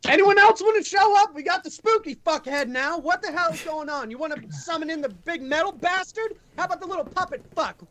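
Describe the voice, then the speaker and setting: A man's voice: extremely high pitch, animated, a little fast, hardly any pauses, pushed and bright. Swearing, exasperated male player. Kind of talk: casual in-character game chat.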